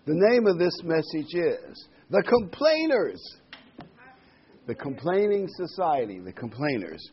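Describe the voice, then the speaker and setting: A man preaching a sermon, emphatic, stressing single words with sudden loud peaks. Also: on the high side, sing-song, a little slow, highs cut off, slight background noise.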